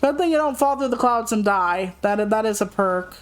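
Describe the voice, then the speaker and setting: A woman's voice: on the high side, lively intonation, normal speed, rough recording. Candid, swearing young woman streamer. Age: young adult. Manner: candid, rambling, swears freely. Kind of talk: casual gaming stream chat. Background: faint game music.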